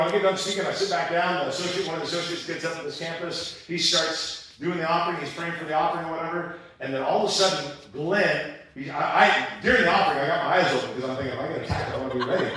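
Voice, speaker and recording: A male pastor preaching a sermon, telling stories in an animated, humorous way, recorded in a church auditorium. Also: fairly high pitch. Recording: echoey church hall from far off.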